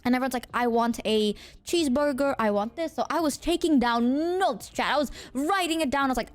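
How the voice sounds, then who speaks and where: A young woman from Indonesia, a streamer telling a story to her chat in a casual, animated way, swearing often. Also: high-pitched, normal speed, faint music behind. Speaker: VTuber streamer.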